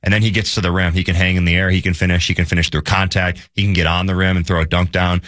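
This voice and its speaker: A man's voice: deep voice, little pitch movement, quick pace, fairly bright tone, dry recording, clean studio sound. A young man, talking sports on the radio in an earnest way, with many restarts and fillers. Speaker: sports radio guest analyst. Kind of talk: casual sports talk. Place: radio studio. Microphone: studio mic.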